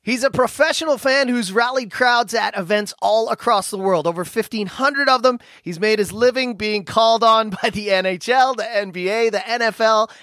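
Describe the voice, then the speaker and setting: A man's voice: high-pitched, moderate pace, hardly any pauses, sharp tone, dry recording, clean studio sound. A man hosting an interview show, giving an upbeat scripted introduction and asking questions. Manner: upbeat, hyping up the guest. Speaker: podcast host.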